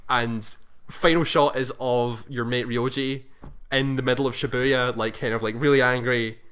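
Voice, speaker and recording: Bright-voiced man recapping a story. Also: mid-range voice, steady tone, moderate pace, clean tone. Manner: rambling, self-correcting, acts out quoted lines. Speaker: podcast co-host. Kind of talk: casual chat, recapping a game plot.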